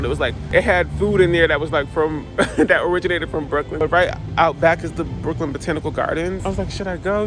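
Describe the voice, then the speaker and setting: A young man vlogging casually, chatty and playful, often laughing through his asides while he walks around and eats. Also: on the high side. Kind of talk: casual vlog chat. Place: outdoors in a city park and in a car.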